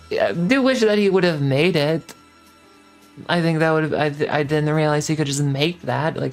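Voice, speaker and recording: A woman streamer casually retelling a game's story, rambling with lots of "like" and frequent swearing. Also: low voice. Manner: rambling, heavy filler 'like', frequent swearing. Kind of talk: casual game plot recap.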